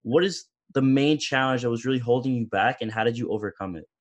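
Supportive male interview host. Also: medium pitch. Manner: supportive, quick affirmations. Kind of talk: casual interview.

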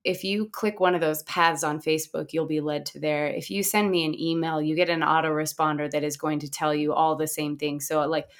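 A woman's voice: low-pitched, steady tone, a little fast, few pauses. A woman guest in a casual interview, talking earnestly and rambling with lots of restarts and fillers. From USA. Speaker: guest, founder of a satirical website.

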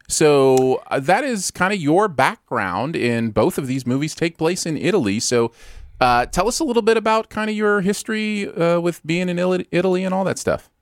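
Brief: male host, animated intonation, dry close sound, hesitant and friendly. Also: fairly high pitch, no room sound. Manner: easygoing, filler-heavy, hesitant. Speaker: podcast host. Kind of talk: casual podcast chat.

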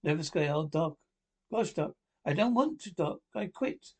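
A jittery young lab assistant in an old-time radio drama, folksy and whiny, always pleading with his boss. The voice runs high for a man. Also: animated, measured pace, a little mellow, breathy edge, exaggerated voice. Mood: frightened. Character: timid frightened young male lab assistant. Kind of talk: 1930s radio acting.

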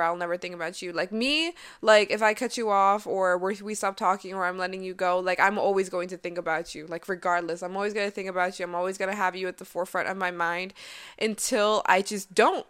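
Smooth-voiced young woman giving heartfelt advice. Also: mid-range voice, fairly bright tone. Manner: earnest, chatty, many fillers. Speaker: vlogger. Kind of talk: casual heartfelt advice vlog.

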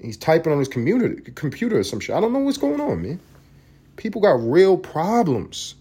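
Husky man ranting on a podcast. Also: mid-range voice, a little mellow. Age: adult parent. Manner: profane, heated, sarcastic ranting. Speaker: podcast host. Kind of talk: ranting solo podcast commentary.

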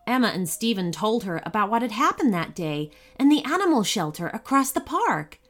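A woman narrating a children's story in a scripted read. Her voice sits fairly high and moves lively up and down as she tells it with plenty of expression. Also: normal speed, few pauses.

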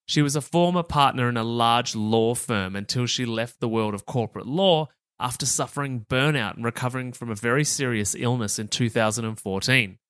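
A man's voice: medium pitch, a little fast, few pauses, a bit bright, smooth, no room sound, studio quality. A man hosting a health podcast interview in an upbeat, chatty way, laughing easily. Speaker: podcast host.

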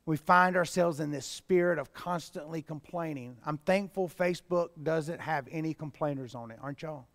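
Pastor, man, animated sermon delivery, high voice, reverberant hall. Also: normal speed. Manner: animated preaching, rising to shouts, reading scripture aloud.

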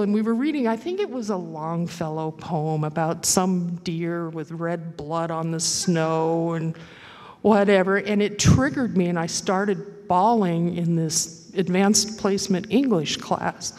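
A woman giving a halting, reflective personal testimony at a recovery meeting, with many pauses and fillers. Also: lowish voice, darkish tone, big-room sound.

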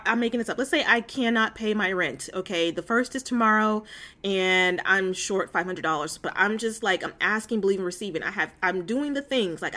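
This woman's mid-range voice has a slightly bright quality as she leads an informal faith discussion by phone. Her manner is heartfelt and emotional, and she rambles chattily with lots of asides and filler words.

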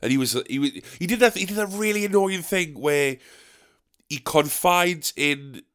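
A man's voice: a little high, moderate pace, a bit bright. A man, a stand-up comedian, telling a story in an exasperated, ranting way and swearing freely. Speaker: stand-up comedian and pub quiz host. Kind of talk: casual storytelling monologue.

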